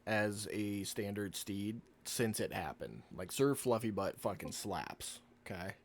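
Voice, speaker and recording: A man acting as game master on a live-streamed tabletop game, calling out rulings in an unhurried, matter-of-fact way with easy laughs, heard over an online voice call. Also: on the low side.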